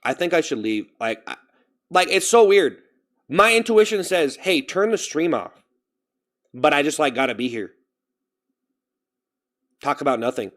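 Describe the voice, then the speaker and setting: A man's voice: a little high, very animated, normal speed, pauses often, fairly bright tone. A young man streaming live, talking in a dejected, rambling way and repeating himself as he thanks viewers for gifts. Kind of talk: casual livestream chat.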